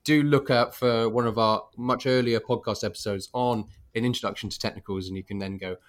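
A man's voice: mid-range voice, fairly even intonation, brisk. A man co-hosting a market podcast, chatting casually and adding light, jokey asides for listeners. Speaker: podcast co-host.

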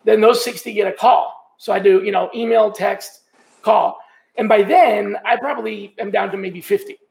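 Man, high-pitched, gravelly, podcast guest, conversational, step-by-step explanations. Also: normal speed, darkish tone. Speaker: guest, sourcing trainer. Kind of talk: casual podcast interview.

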